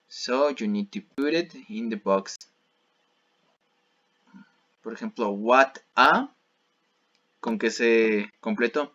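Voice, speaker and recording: Slow, patient male English teacher. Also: medium pitch, pushed and bright, lo-fi sound. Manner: repeats and rephrases each example patiently. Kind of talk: bilingual classroom explanation.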